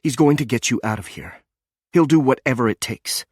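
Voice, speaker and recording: A man voicing a calm female operative who reassures and reasons in a measured way. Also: medium pitch, slightly rough, no echo, clean studio sound, pitched above the performer's own voice, natural voice. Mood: reassuring.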